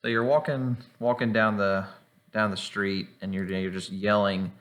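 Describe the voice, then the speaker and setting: Male game master, relaxed rambling narration; low-ish, bright edge. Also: moderate pace. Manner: loose, rambling, fillers and swearing. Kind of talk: narrating a tabletop game online.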